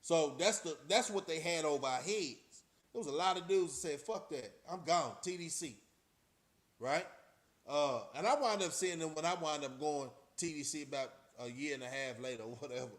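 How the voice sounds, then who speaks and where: High-voiced man telling a street story. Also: fairly quick. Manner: streetwise, profane, talks straight to the audience. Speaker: channel host. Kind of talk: casual storytelling to viewers.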